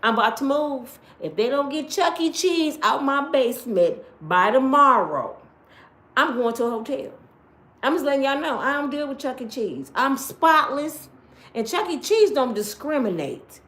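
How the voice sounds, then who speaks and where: Woman, live-stream host. High, swooping voice. Blunt, cussing storyteller. Recorded at home in an echoey room. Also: moderate pace. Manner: blunt, profane, animated storytelling. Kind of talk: casual live-stream chat.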